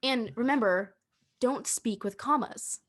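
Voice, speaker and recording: A young woman and drama student co-hosting a podcast, coaching in casual chat with a teasing, deadpan manner and frequent restarts. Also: a little high, a little slow. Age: young adult.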